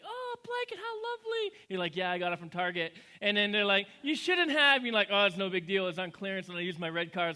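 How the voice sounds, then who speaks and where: A male pastor preaching in a conversational, humorous storytelling manner with quick asides. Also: high-pitched, sharp tone. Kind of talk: sermon.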